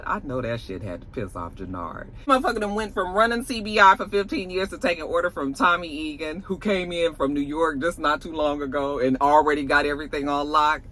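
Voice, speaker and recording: Animated tv recap guy or gal, bright sharp voice, swears a lot, does the characters' lines. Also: mid-range voice, a little fast, few pauses, slight background noise. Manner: animated, profane storytelling that acts out characters' lines. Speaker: TV episode reviewer. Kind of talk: casual episode recap.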